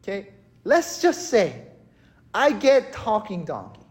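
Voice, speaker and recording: A preacher telling a story in a casual, conversational sermon, animated and chatty, often checking in with the listeners. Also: mid-range voice, takes it slowly. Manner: animated, chatty, keeps asking "right?". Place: church worship service.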